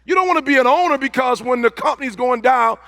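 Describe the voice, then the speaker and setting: A man giving a live motivational speech to an audience, talking fast in an impassioned, repetitive way and building up to shouting. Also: very high voice, dry recording. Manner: fast-talking, rushing phrases. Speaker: motivational speaker.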